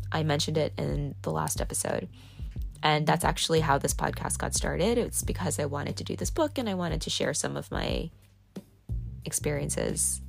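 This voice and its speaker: Low, gravelly-voiced woman rambling candidly. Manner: rambling, candid, filler-heavy with frequent laughs. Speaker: podcast host. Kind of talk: casual confessional monologue. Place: on a boat.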